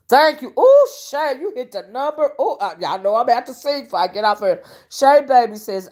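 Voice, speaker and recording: A woman's voice: mid-range voice, animated, fast, darkish tone. A woman hosting a casual live-stream commentary, sassy and mocking as she rants and greets her chat. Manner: greets chat viewers mid-rant. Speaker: online commentary host.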